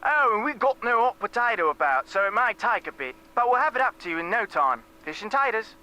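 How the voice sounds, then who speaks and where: A man's voice: high-pitched, sing-song, fairly quick, pushed and bright, heavily acted. An actor playing a chatty male pub owner with a Cockney accent, taking orders on the phone in a game. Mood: friendly. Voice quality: slangy, breezy and hospitable.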